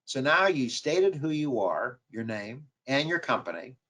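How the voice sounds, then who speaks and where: A man's voice: medium pitch, big pitch swings, measured pace, fairly bright tone. A man with a New York accent giving a webinar lecture on sales calls, repeating key points with emphasis. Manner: repetitive, emphatic coaching delivery. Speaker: marketing professor.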